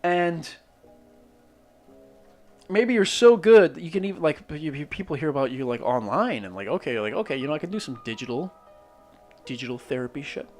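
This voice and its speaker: A man's voice: a little high, lively intonation, a little fast, long pauses, a little mellow, faint music behind. A man from Northern Ireland with a muted Northern Irish accent, streaming while he draws, ranting skeptically with lots of swearing and restarts. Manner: rambling with many restarts. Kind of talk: casual chat while drawing.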